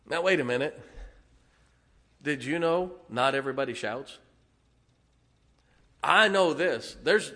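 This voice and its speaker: A man preaching a sermon as pastor, animated, throwing rhetorical questions and "amen?" at his congregation with homely humor. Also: a little high.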